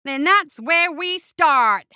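A woman voicing a gleeful, scheming male creature villain who boasts loudly in crude grammar. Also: high voice, unhurried, dry recording, clean studio sound, voice pushed up. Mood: gleeful, boastful.

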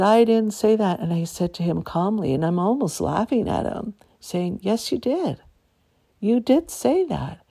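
Husky, gravelly older woman, low and mellow. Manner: rambling, aggrieved, with many restarts. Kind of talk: personal monologue.

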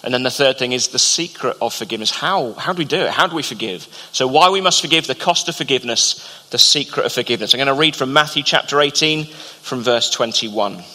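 A man preaching a sermon as pastor, earnest and measured, with slow emphatic pauses. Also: medium pitch, expressive, sharp tone. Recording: long hall reverb.

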